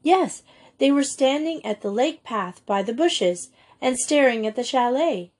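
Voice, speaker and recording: A woman's voice: high voice, animated, measured pace, a little mellow, breathy edge, voice pushed up, exaggerated voice. A woman reading an earnest, chattering schoolgirl. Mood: eager.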